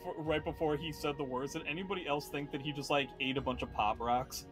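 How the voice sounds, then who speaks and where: A man's voice: fairly high pitch, fairly even intonation, fast talker, a bit bright, faint music behind. A man bantering and joking with co-commentators on a live stream. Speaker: tournament commentator.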